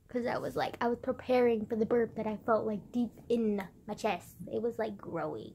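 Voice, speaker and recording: Teen girl vlogger, high voice, exasperated rant, lots of "like", faint hiss behind. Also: expressive, a little fast, vocal fry. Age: teens. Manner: exasperated, filler-heavy, swearing. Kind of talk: casual ranting vlog.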